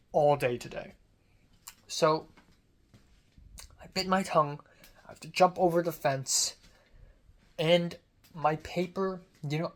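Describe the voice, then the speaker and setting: A young adult student vlogger in a casual venting monologue, rambling, self-critical and swearing freely. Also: mid-range voice.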